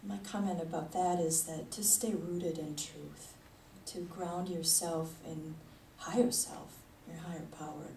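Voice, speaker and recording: With a deep, mellow voice and a steady tone, a woman spiritual leader gives a conversational sermon at an unhurried pace, with vocal fry and few pauses. She chuckles often as she speaks. The distant mic picks up an echoey hall and faint noise.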